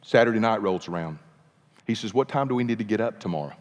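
A man preaching, telling a story with animated, dramatic pacing in a sermon. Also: on the low side, fast. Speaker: pastor. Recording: long reverb of a large hall.

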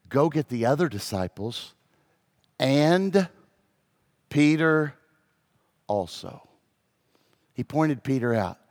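A man preaching as a pastor, moving from hushed, low passages to loud, shouted peaks. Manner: dramatic, swings from hushed to shouting. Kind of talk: sermon. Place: church.

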